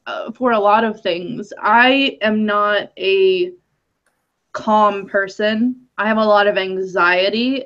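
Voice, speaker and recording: A woman chatting casually as a guest, rambling and halting, with lots of fillers. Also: mid-range voice, a bit bright. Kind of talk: casual chat. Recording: dull lo-fi audio.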